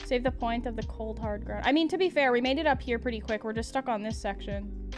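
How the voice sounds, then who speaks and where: A young woman streaming a game, chatting casually, laughing often and yelling at the game. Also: a little high, fairly quick, faint music behind. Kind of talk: casual gameplay commentary.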